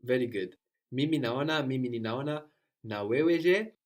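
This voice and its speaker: Male tutor, average pitch, patient and prompting, ends points with "no?". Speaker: language teacher. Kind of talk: guided language lesson.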